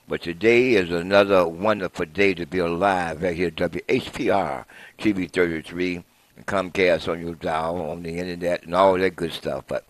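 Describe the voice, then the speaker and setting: A man's voice: sits low, no echo. A man hosting a live local TV program in a folksy, rambling way, correcting himself as he goes. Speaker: TV host.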